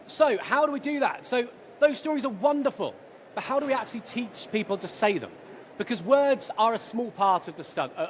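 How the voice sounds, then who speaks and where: Guy presenting at a conference, high-ish voice, bit of room hiss. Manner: energetic, chatty, jokey asides. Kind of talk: conference talk.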